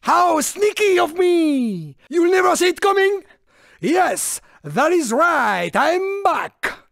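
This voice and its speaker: A man's voice: extremely high pitch, very animated, takes it slowly, creaky, a bit bright, dry recording, clean studio sound, heavily acted. An actor playing a shifty little male French car in a video game, taunting rivals in a theatrical French accent. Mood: sneaky. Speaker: game character.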